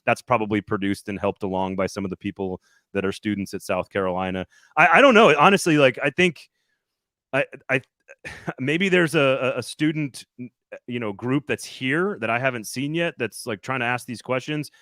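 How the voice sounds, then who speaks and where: A man's voice: medium pitch, normal speed, fairly bright tone, no echo, clean studio sound. A man co-hosting a casual sports talk show, rambling with lots of restarts and easy laughter. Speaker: podcast co-host reporting from media days.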